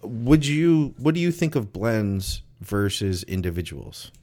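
Man, low voice, podcast host, easygoing, jokey, reads questions aloud. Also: big pitch swings, measured pace, darkish tone. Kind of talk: casual podcast chat.

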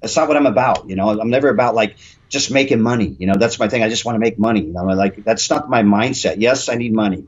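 Fast-talking blunt man in his fifties. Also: lowish voice, breathy edge, muffled recording. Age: 50s. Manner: blunt, rambling, profane. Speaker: gym owner and personal trainer. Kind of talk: casual podcast interview talk.

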